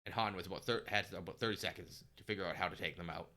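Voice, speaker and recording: Low-voiced man narrating a story. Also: quick pace. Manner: steady narration with small restarts. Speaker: streamer reading a story aloud. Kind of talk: live-streamed story narration.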